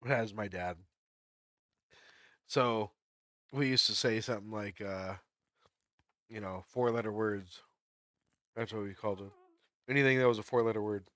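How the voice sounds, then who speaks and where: A man's voice: lowish voice, fairly even intonation, normal speed, pauses often, a bit bright, no echo. A man chatting casually on a livestream while he plays, laughing often as he tells stories.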